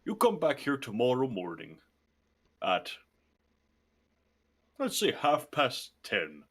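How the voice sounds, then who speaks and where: A man voicing a burly, white-bearded dwarf toymaker, gruff but kindly. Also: mid-range voice, wildly swooping pitch, takes it slowly, a bit bright, pitched above the performer's own voice, exaggerated voice. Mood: friendly.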